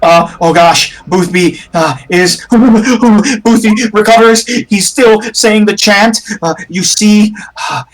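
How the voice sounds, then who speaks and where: Slow, hesitant game master. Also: male voice, high voice, steady tone, a bit bright, poor audio. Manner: slow, hesitant, many fillers. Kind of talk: narrating a tabletop horror game.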